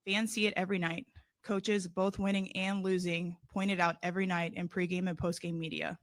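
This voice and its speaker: A woman, a professional basketball player, delivering a prepared public statement in a measured way, slightly out of breath. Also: on the low side, little pitch movement.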